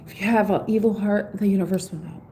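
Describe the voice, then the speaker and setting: A woman with a mellow, warm voice hosts a live tarot reading. Her tone is casual and heartfelt as she offers spiritual encouragement. A faint hum of noise sits behind her. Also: mid-range voice, fairly even intonation, quick pace, poor audio. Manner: reads aloud from an oracle book, then explains in her own words. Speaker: tarot reader.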